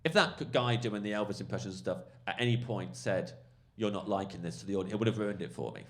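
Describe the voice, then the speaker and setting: A male comedian telling a rambling, animated anecdote on a podcast, full of fillers. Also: lowish voice, fast. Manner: rambling, animated storytelling, lots of fillers and swearing. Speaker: comedian guest.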